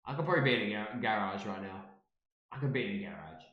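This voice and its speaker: A man's voice: lowish voice, lively intonation, fast talker, echoey room, muffled recording. A man streaming live and reacting casually, playful, repeating words over and over and swearing freely.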